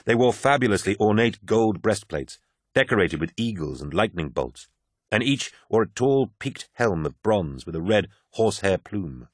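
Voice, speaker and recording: A man narrates an audiobook in a low voice, reading with measured drama. The sound is close and dry, with no room around it. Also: very animated, no echo. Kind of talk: scripted narration.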